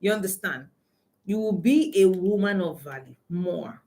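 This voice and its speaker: A woman's voice: on the low side, lively intonation, normal speed, warm tone. A woman with a Nigerian accent, a money coach giving an emphatic motivational talk, repeating key lines and asking her listeners questions. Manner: laughs often while telling anecdotes.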